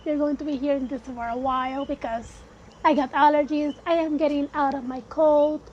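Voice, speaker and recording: A woman's voice: high-pitched, steady tone, normal speed, dull audio, slight background noise. A woman hosting a casual solo podcast, sounding sick and congested with a cold, chatty and emphatic, slipping into Spanish phrases now and then. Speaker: podcast host.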